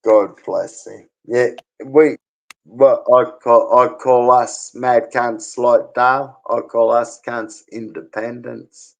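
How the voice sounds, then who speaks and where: Australian man, middle-aged, gravelly, slow, crude and boastful. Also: medium pitch, level tone, low-quality recording. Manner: crude, boastful, laughs often. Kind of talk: casual chat. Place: bar.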